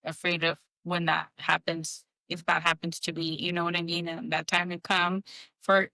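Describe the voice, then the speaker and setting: Soft-spoken woman with a bright clear voice. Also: on the low side, little pitch movement, no room sound, rough recording. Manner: halting, many restarts and fillers. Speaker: podcast co-host. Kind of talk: casual heartfelt conversation.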